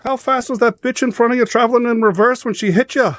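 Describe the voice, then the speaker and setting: A man putting on a high, chatty cop. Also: quick pace, fairly bright tone, dry recording. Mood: jovial. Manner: high-pitched, stammering joke-telling voice. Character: chatty Irish male cop.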